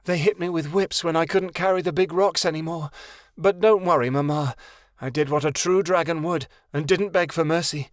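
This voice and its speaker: Brave, proud young girl dragon, high and earnest, voiced by a male narrator. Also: steady tone, normal speed, no room sound, clean studio sound, close to an everyday voice.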